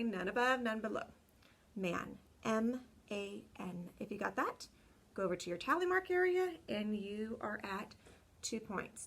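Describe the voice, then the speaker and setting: A young woman teaching kindergarten children remotely, talking slowly and clearly, repeating words and cheering them on. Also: medium pitch, a bit bright. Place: home room with a window.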